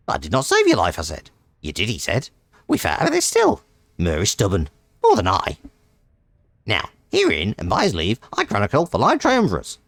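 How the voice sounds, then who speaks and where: A man voicing a cursed male wanderer from a game, with a strained, high put-on voice and a wobbly made-up accent. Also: vocal fry, no room sound, heavily acted.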